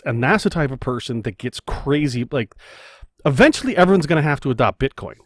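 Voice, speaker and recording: A man's voice: medium pitch, lively intonation, brisk, dry recording. A young man from Canada co-hosting a podcast, probing with questions in casual chat and leaning on fillers. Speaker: podcast co-host.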